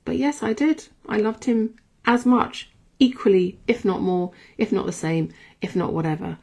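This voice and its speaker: A woman's voice: medium pitch, steady tone, normal speed, vocal fry, mellow. A woman hosting a podcast and musing in a rambling, reflective monologue that keeps correcting itself. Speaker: podcast host.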